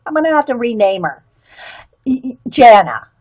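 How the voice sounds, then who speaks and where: A woman's voice: fairly high pitch, very animated, moderate pace, darkish tone, no room sound, rough recording. Chatty, giggly woman craft streamer. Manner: chatty and giggly, with many fillers and restarts. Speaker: art and craft livestream host. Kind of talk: casual live-stream chat, reading viewer comments. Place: home craft studio.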